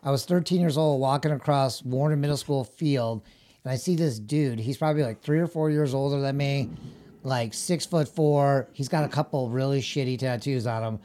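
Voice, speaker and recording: A man's voice: medium pitch, moderate pace, dark tone. A middle-aged man chatting casually as a guest, telling rambling stories with laughs and acted-out quoted voices. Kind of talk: casual storytelling chat.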